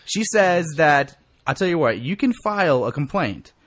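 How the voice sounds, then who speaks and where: A young man co-hosting a casual podcast, telling a story in a profane, animated way and acting out quotes with sharp rises in his voice. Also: fairly high pitch, normal speed.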